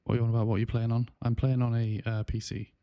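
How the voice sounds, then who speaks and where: A man's voice: medium pitch, little pitch movement, rapid-fire, mellow, smooth, no echo. A man with a South Welsh accent chatting casually on a gaming livestream, rambling with lots of fillers and restarts. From South Wales. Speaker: gaming streamer.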